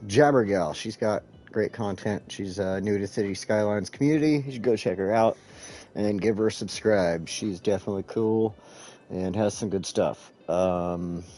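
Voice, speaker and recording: Male live streamer, casual and profane, lowish voice, mellow tone, faint music playing behind. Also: normal speed. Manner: rambling, profane, talks to chat while clicking around. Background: faint background music.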